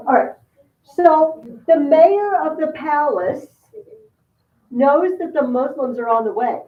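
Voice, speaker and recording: A woman teacher giving a history lesson to a class, animated and repeating key words for her students. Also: high voice, slow pace. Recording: echoey room, far mic, phone-like sound.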